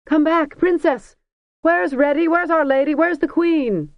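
A narrator doing a shrill cheering crowd. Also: dry recording, lo-fi sound. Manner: loud, high, drawn-out shouts. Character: cheering crowd of common folk.

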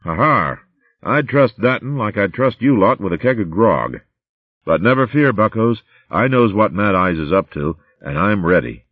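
A man voicing a boastful male pirate captain who talks rough slang, in a storybook reading. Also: fairly low pitch, animated, a little slow, no echo, narrow, tinny audio. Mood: scornful.

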